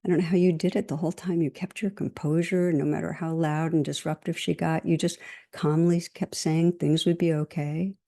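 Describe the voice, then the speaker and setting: Woman playing courteous male stranger, admiring and low. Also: level tone, normal speed, creaky, dark tone. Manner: admiring, polite. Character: impressed male shopper, polite.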